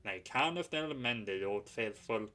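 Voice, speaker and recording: A man voicing a kind, smiling male railway owner who speaks gently and reassuringly. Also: on the low side, animated, measured pace.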